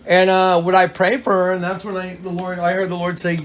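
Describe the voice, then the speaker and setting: High-voiced man rambling on a phone call. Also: completely flat delivery, brisk. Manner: rambling, many restarts and fillers; retells dialogue in quoted voices. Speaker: caller recounting events. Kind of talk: casual phone conversation.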